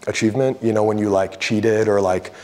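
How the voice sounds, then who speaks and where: A man giving a casual artist talk as a photographer, telling a story with lively quoted voices and frank swearing. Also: on the low side, a little fast.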